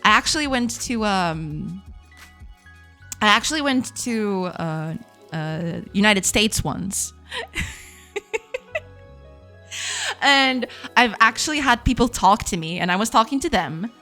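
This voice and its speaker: Giggly woman streamer, lively voice. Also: mid-range voice, takes it slowly, long pauses, faint music behind. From Portugal. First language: Portuguese. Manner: giggly, reads chat aloud and answers it. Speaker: game dev streamer. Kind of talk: casual live-stream chat.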